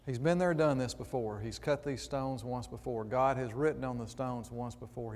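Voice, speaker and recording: A man preaches in a church auditorium, reading scripture aloud and drifting into chatty, conversational asides. His voice sits at an ordinary pitch, and a long reverb from the hall trails behind every phrase.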